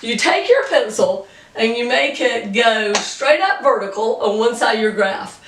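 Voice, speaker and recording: A woman gives a homey pre-algebra lesson, counting along the number line step by step. Her voice sits a little high and carries a patient, chatty warmth. She sounds set back from the microphone in an echoey room. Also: expressive, measured pace, recorded from a distance, a little hiss or hum. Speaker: math teacher.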